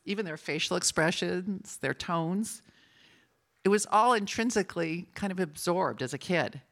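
An older woman preaching to a room of women, her voice bright and forward with a slightly low pitch. She talks in a chatty, personal way and teases her listeners now and then. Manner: warm, chatty and personal, teasing with the audience. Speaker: speaker at a women's gathering. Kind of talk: sermon.

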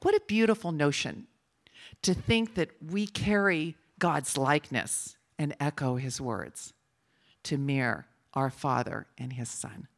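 An older woman, a grandmother with a deep voice, addresses a women's gathering at a measured pace. Her talk is a chatty, personal sermon, and now and then she teases the audience.

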